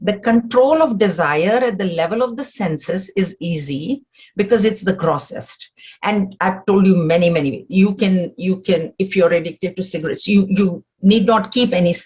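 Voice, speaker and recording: A woman's voice: medium pitch, husky, dull audio. A woman teaching a spiritual scripture class, explaining step by step and asking rhetorical questions.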